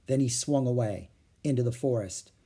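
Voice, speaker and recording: A man reading a children's chapter book aloud as a storyteller, with expressive, animated delivery. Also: medium pitch, normal speed, slightly rough.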